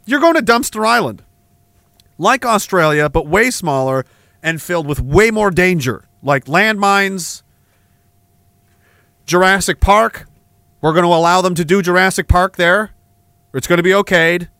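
Male podcast host, angry profane ranter, sarcastic, pitched high. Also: sharp tone, no room sound. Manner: sarcastic asides. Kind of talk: livestream rant reading chat messages.

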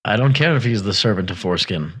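A man's voice: fairly low pitch, lively intonation, quick pace, a bit bright, breathy edge. A man playing a tabletop game, blunt and dry-humored. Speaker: player. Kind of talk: casual tabletop game play.

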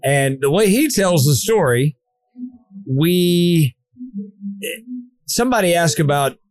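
A man's voice: on the high side, animated, slow, darkish tone. A man, a football coach, chatting in an easygoing, teasing way. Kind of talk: casual podcast chat.

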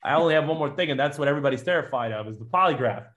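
Fast-talking man telling his story. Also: on the high side, muffled recording. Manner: animated retelling with quoted dialogue. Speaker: police officer. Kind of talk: personal storytelling.

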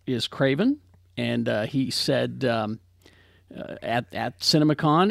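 A man hosting a podcast, presenting film news in casual chat with many halting fillers. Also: mid-range voice, animated, creaky, fairly bright tone, dry recording, studio quality. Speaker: podcast host.

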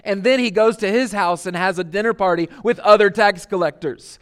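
A man's voice: high-pitched, a little fast, a bit bright, clean tone. A man preaching a sermon as lead pastor, conversational with many fillers and restarts.

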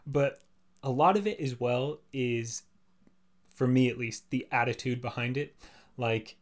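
A man who works as a voice actor, talking at length in a relaxed podcast chat, full of fillers like "like" and "you know". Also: mid-range voice, measured pace. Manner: chatty, explains at length with many fillers.

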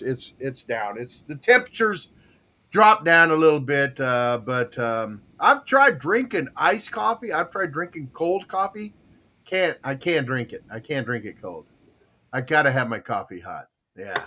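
An older man hosts a laid-back podcast and talks with his live chatroom. His voice is bright and forward, and his pitch swings widely as he wanders through long, meandering stories. He stops to restart sentences, uses plenty of fillers, and chuckles easily. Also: sing-song, normal speed. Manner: rambling storyteller, many restarts and fillers; chuckles often. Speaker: podcast host.

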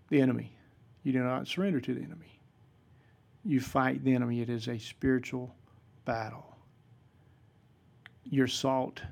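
Gravelly, husky-voiced man preaching. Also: medium pitch, steady tone, moderate pace, long pauses, darkish tone. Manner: emphatic, repeats key phrases for force. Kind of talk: sermon-style teaching.

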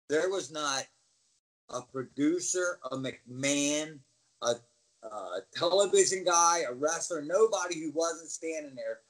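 A middle-aged former wrestler, appearing as an interview guest, tells backstage stories in casual chat, animatedly acting out the people's voices and yelling. His voice is a little high, and the audio quality is poor.

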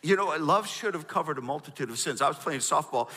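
Lively man preaching in a hall. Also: fairly high pitch, quick pace. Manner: animated, storytelling with crowd prompts. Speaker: pastor. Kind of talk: sermon.

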